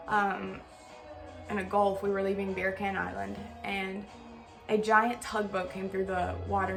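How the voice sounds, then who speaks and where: A young woman telling stories in a casual vlog Q&A, chatty and animated, with lots of fillers. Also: medium pitch, gravelly. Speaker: vlogger. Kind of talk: casual storytelling Q&A.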